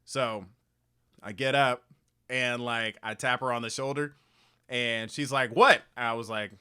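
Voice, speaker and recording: Smooth-voiced young man telling a story. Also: mid-range voice, measured pace. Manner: relaxed storyteller, swears casually. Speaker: podcast co-host. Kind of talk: casual storytelling chat.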